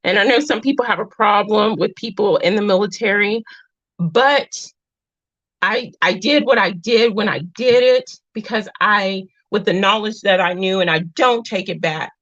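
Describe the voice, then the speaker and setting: A middle-aged woman chats on her livestream in a loose, affectionate way, calling her viewers girl and mama. Her voice sits at a middle pitch. The sound is dull and lo-fi, and the room is dry. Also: moderate pace, a bit bright, no echo. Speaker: livestream host. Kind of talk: casual livestream chat.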